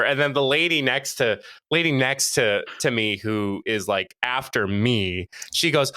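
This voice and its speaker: A man's voice: medium pitch, moderate pace, sharp tone, no echo, clean studio sound. A young man co-hosting a podcast, telling a story in casual chat, mimicking other people's voices and laughing often. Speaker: podcast co-host.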